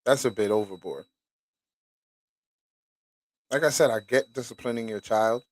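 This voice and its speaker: A man's voice: medium pitch, a little slow, dry recording. A man hosting a show, reading documents aloud and stopping to react with casual, profane commentary. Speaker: host.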